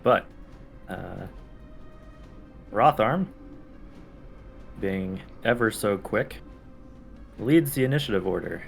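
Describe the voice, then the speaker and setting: A man with a low, gravelly voice narrates as dungeon master for a tabletop game. He talks in a relaxed, halting way, filling gaps with pauses as he describes the scene, while soft music plays underneath. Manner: laid-back, halting narration with many pauses.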